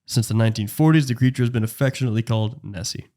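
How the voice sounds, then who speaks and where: A man's voice: mid-range voice, rapid-fire, warm tone. A young man co-hosting a casual podcast, jokey and reading his notes aloud with stops and restarts. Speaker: podcast co-host.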